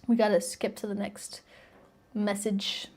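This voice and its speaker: A woman's voice: medium pitch, flat delivery, measured pace, a little mellow. A woman streamer casually reading out text messages and chatting her thoughts about them. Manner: reads messages aloud and comments, chatty and wondering. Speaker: streamer reacting to posts. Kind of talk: casual reaction commentary.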